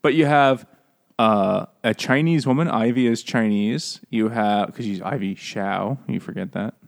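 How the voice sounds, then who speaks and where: A man's voice: fairly low pitch, a little slow, gravelly. Laughing, rambling man chatting about a book. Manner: rambling, laughing, profane, slips into mocking voices. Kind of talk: casual book discussion.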